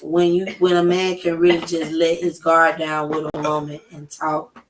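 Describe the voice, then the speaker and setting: Woman, Atlanta Southern accent, loud, profane, emphatic, podcast guest, roomy echo. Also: low voice, monotone, normal speed. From Atlanta, USA. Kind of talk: casual chat. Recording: roomy with faint noise.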